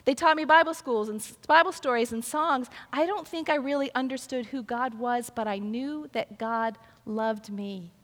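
A woman's voice: a little high, moderate pace, hardly any pauses. An older woman preaching a sermon, telling stories in a conversational way and acting out the voices of the people in them. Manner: storytelling, conversational, acts out quoted voices. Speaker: pastor. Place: large church sanctuary. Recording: long hall reverb.

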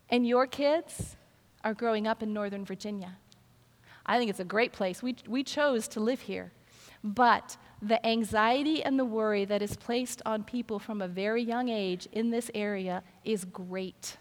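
An older woman preaching a sermon, telling stories in a conversational way and acting out the voices of the people in them. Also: fairly high pitch. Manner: storytelling, conversational, acts out quoted voices. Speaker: pastor. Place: large church sanctuary. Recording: long hall reverb.

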